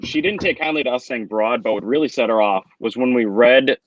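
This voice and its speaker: Casting note: male co-host, mid-pitch, halting and correcting, dry muffled recording. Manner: hesitant, corrects details with many fillers. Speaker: podcast co-host. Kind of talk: casual storytelling chat.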